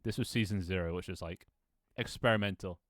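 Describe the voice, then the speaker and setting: A man in his twenties talks through his stream in a loose, rambling way, laughing at himself and swearing now and then. His voice sits very low. The sound is dry and close, captured on a desk microphone. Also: brisk, no room sound. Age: 20s. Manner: rambling, self-mocking, laughs often, swears casually. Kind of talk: casual live-stream chat.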